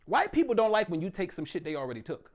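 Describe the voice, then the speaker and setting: A man performs stand-up comedy in a small, intimate room. His voice sits high and swings widely in pitch. He talks loudly and keeps dropping into mock voices for the people in his jokes. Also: big pitch swings, quick pace, a crowd in the background.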